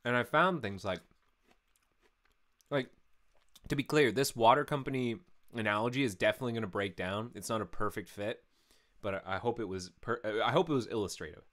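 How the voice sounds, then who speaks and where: A man's voice: on the low side, fairly quick, pauses often, fairly bright tone. A man talking through code on a live stream, explaining step by step in a casual way and correcting himself as he goes, into a mic with a pop filter. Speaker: programmer streaming his work. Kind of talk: live coding stream, thinking aloud. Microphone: studio mic with pop filter.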